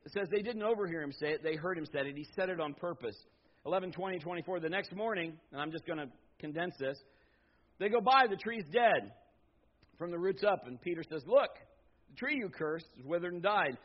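A middle-aged man preaching a sermon as pastor, swinging from loud emphatic bursts to low, quiet stretches. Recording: slightly dull lo-fi sound.

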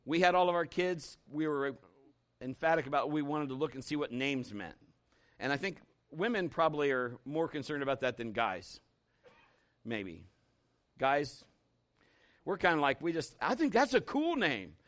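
Male pastor, high voice, folksy storytelling sermon, emphatic on scripture. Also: animated, normal speed, long pauses, fairly bright tone. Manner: folksy, conversational preaching with acted-out stories.

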